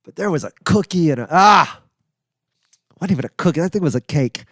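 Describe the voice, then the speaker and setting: A middle-aged man talks through listener questions on his solo podcast, rambling and chatty with plenty of fillers. His voice sits a bit high for a man. The sound is dry and close, with no room in it. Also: expressive, fairly quick, a bit bright, dry recording. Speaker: podcast host.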